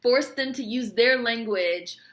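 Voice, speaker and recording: A woman's voice: fairly high pitch, measured pace, a bit bright. A woman vlogger ranting to camera, profane, sarcastic and mocking, with speech. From United States. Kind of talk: heated rant to camera.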